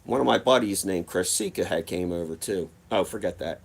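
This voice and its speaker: A lower-voiced man tells a story straight to camera. He rambles and swears freely, acting out the other people in his tale. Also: brisk, creaky, slight background noise. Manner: profane, rambling, animated retelling. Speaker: vlogger telling a personal story. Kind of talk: casual storytime monologue.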